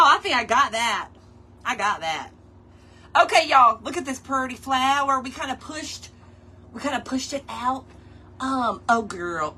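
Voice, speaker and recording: A high-voiced woman hosts a casual craft session and chats playfully with her audience. Her tone is bright and lively. A faint hiss of room noise sits under her voice. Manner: playful, chatty, talks straight to viewers and chat, laughs often. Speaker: craft tutorial host. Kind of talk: casual chatty craft livestream.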